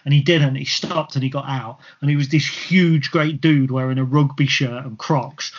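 A man co-hosting a football podcast, telling a story in an animated, casual way with some swearing. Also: mid-range voice, moderate pace, few pauses. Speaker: podcast co-host. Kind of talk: casual chat. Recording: slightly dull lo-fi sound.

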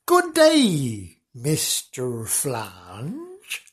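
Guy doing a dopey grinning sausage man, slow drawn-out words, kinda husky. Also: a little high, wildly swooping pitch, heavily acted. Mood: cheery. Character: grinning, simple-minded sausage seller man.

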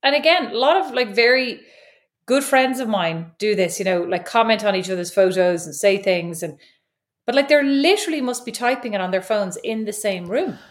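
A woman, co-hosting a casual podcast chat, playful and quick to laugh. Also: mid-range voice, expressive. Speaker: podcast co-host. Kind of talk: casual banter.

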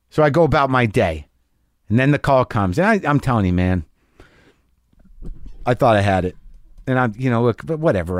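A man's voice: mid-range voice, expressive, moderate pace, long pauses, dry recording, clean studio sound. A middle-aged man telling a personal story in a rambling monologue, anxious and self-mocking, swearing when he gets worked up.

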